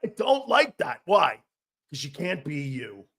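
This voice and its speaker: A man's voice: on the high side, wildly swooping pitch, a little slow, gravelly, a bit bright, breathy edge. A middle-aged man hosting a casual sports talk show, brash and profane, laughing often as he riffs and reads viewer comments.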